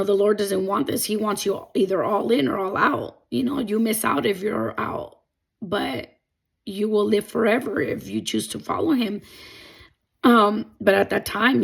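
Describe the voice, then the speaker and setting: A woman's voice: medium pitch, creaky, slightly rough. A young adult woman telling a personal faith testimony, emotional and rambling with many fillers. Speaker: testimony vlogger.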